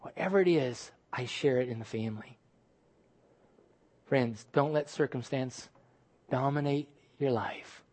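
A male pastor delivering a sermon at a middle pitch. He preaches with emphasis, then drops to soft, hushed lines to press a point home. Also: unhurried, pauses often.

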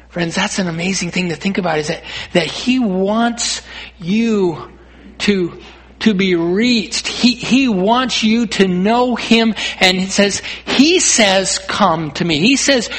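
A man's voice: sits high, slow, a bit bright. A man preaching a sermon as pastor, earnest, often repeating himself and rising to emphatic calls. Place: church.

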